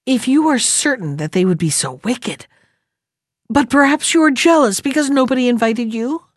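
A woman's voice: on the high side, expressive, moderate pace, dry recording, clean studio sound, voice pushed up. A woman voicing a proud, careless male bear in a read-aloud folktale. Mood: suspicious. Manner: careless, then hushed and worried.

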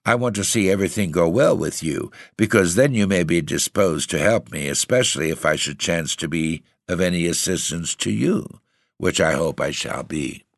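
A man's voice: deep voice, normal speed, vocal fry, no echo, studio quality. A man reading the part of an older uncle's ghost who meddles with polite, formal persuasion. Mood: persuasive.

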